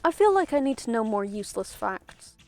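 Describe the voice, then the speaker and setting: A woman's voice: a little high, very animated, brisk, a little mellow. A woman streaming a video game, chatting casually in a rambling, self-interrupting way and laughing often.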